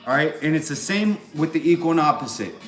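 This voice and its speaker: Faint music plays behind a California vlogger as he fires off a rambling, profane monologue, his Californian accent returning again and again to filler phrases. He talks fast and animated, in a voice on the high side, with a roomy echo.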